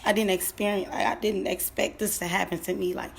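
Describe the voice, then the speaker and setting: A woman in her twenties, a grieving mother telling her story on a live stream, nervous and shaky, halting, with lots of fillers and repetition. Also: medium pitch, level tone, creaky, slight background noise. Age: 20s. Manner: halting, filler-heavy, repeats herself.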